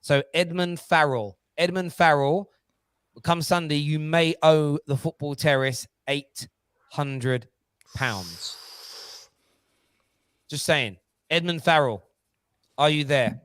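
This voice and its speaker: A man hosting a casual football chat stream, talking in an animated, jokey and excitable way. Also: fairly high pitch, takes it slowly, pauses often, clear, resonant tone, no echo. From Jamaica. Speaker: host.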